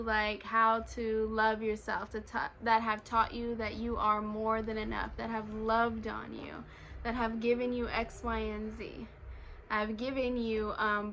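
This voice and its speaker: A woman's voice: fairly high pitch, pushed and bright, slight background noise, low-quality recording. A woman giving a casual devotional talk to her viewers, speaking with passion and earnestness and often laughing between phrases. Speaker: faith vlogger.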